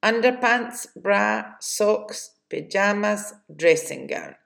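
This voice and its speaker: Slow, gravelly woman teaching English. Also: mid-range voice, expressive, fairly bright tone. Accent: Spanish. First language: Spanish. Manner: slow and deliberate, reading drill questions and answers. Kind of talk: slow vocabulary lesson.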